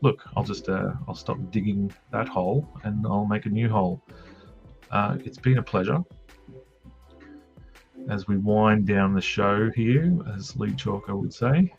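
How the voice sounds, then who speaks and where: A man's voice: lowish voice, measured pace, creaky, a little mellow. An Australian man hosting a live drawing stream, telling rambling, self-deprecating stories in casual chat. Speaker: streamer host drawing comics. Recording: dull lo-fi stream audio with faint music.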